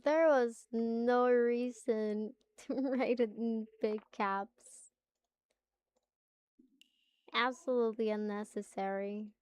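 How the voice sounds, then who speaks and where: Slow-talking streamer woman. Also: a little high, steady tone, a little mellow, smooth, highs cut off. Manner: laughing, teasing, unhurried. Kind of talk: casual game commentary.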